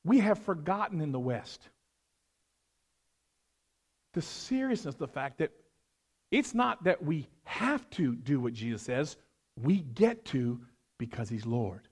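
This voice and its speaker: Pastor guy preaching, goes from loud and emphatic to hushed and prayerful, voice jumps around a lot. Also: on the high side, big pitch swings, slow, long pauses, husky. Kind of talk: sermon.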